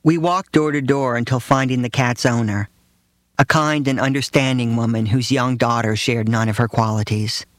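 A man's voice: mid-range voice, steady tone, moderate pace, dry recording. A man narrating his own first-person memoir in a dry, matter-of-fact way.

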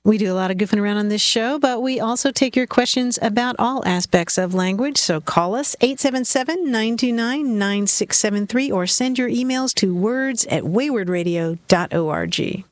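A woman co-hosting a radio call-in show, friendly and brisk. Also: on the high side, no room sound.

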